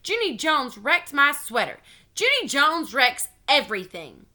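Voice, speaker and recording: A woman voicing a whiny, bossy little schoolgirl, shrill and loud as she complains. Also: sing-song, measured pace, exaggerated voice. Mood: grumbling.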